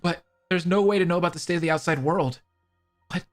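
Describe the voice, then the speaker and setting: A man's voice: high voice, fast talker, faint music behind, natural voice. A man voicing an anxious young male superhero intern in a fan voice drama, with shaky, stammering speech. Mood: despairing.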